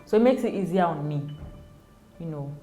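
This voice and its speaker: A woman's voice: lowish voice, lively intonation, moderate pace, mellow, faint music behind. A young Ghanaian mother in a casual interview, speaking animatedly, often laughing and acting out quoted voices. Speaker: interview guest, mother of two.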